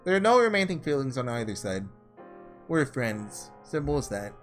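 A man voicing an earnest, principled young ruler, reading in a measured, formal way. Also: mid-range voice, sing-song, fairly bright tone, faint music behind.

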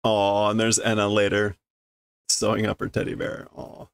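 A man's voice: lowish voice, completely flat delivery, moderate pace, gravelly, clear, resonant tone. A man casually reading a comic aloud on stream, amused and explaining the story as he goes. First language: English. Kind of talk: casual read-through with commentary.

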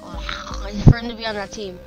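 A woman's voice: mid-range voice, steady tone, fairly quick, mellow, soft background music, rough recording. A woman acting out a game role-play dramatically, full of panicked questions.

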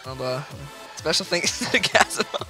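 A man's voice: fairly high pitch, expressive, normal speed, creaky, bright, forceful tone, rough recording. A young man chatting and joking casually while playing a game with friends. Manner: joking, rambling. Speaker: gamer. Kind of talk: casual chat over gameplay. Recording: background music track.

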